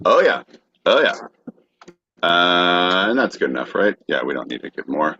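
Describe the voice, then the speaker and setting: Fairly low man, playful co-host, halting with fillers, muffled lo-fi audio. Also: big pitch swings, pushed and bright, a little hiss or hum. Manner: playful, hesitant, many uhs. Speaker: podcast co-host. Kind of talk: casual comedic chat. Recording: dull lo-fi audio.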